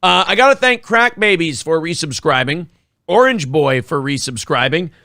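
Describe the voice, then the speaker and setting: A man's voice: on the high side, lively intonation, moderate pace, sharp tone, no room sound, clean studio sound. A man hosting a morning talk show, chatting casually in a blunt, profane way. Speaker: host. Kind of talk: casual chat.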